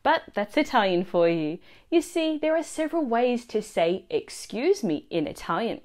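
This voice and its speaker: A woman teaching a language lesson, explaining phrases and their pronunciation clearly and slowly. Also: a little high, sing-song, darkish tone. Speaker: Italian teacher.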